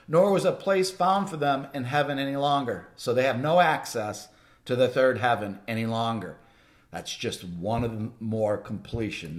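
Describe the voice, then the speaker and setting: Man giving a rambling Bible teaching. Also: fairly low pitch. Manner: rambling, many restarts, conversational. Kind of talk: informal sermon teaching.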